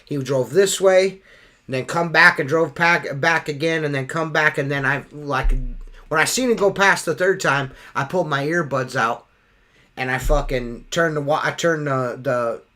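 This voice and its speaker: A man's voice: a little high, moderate pace, bright, forceful tone. A man hosting a casual podcast chat, telling stories as a profane, ranting storyteller. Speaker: podcast host.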